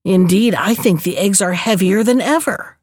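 A woman voicing a huge, hungry, boastful male giant with a booming, slowly chanted voice. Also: darkish tone, dry recording, studio quality, close to an everyday voice. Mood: gruff.

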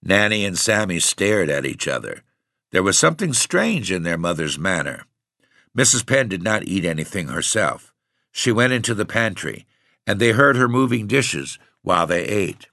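A man reads a story aloud in an expressive audiobook style. His low voice has a gravelly texture and lively, rising and falling intonation. The recording is dry and close. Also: moderate pace, no echo. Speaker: narrator. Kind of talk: audiobook narration.

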